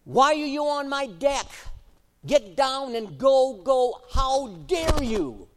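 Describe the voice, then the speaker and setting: A man's voice: very high-pitched, big pitch swings, slow pace, in a large hall, pitched above the performer's own voice, heavily acted. A man putting on a stern schoolteacher lady's voice. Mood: scolding. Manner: commanding, indignant scolding. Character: stern retired woman schoolteacher scolding a bear.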